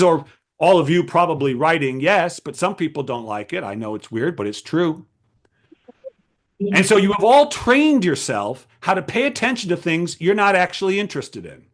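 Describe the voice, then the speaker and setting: A man lecturing a writers' group with a high, lively voice that swings widely in pitch. He speaks emphatically, posing rhetorical questions and repeating key phrases. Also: normal speed. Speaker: writing coach giving a talk.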